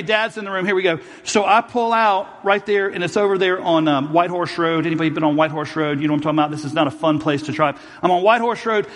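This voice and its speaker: A male pastor preaching a sermon in a church hall with a long reverb trailing after his words. His voice sits a little high for a man. He tells stories by acting out every side of the exchange. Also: fairly bright tone. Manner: storytelling, acting out both sides of arguments.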